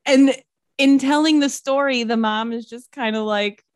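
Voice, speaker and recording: A woman's voice: high-pitched, moderate pace, no echo, clean studio sound. A woman co-hosting a casual chat, chiming in wryly and swearing casually. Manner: wry, swears casually, chimes in. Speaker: podcast co-host. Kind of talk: casual movie recap chat.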